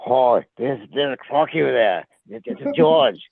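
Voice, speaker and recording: A man doing a put-on Australian accent as an excitable wildlife showman, giving crude, profane commentary over a tinny phone-like line. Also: mid-range voice, normal speed, vocal fry, dry recording. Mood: excited.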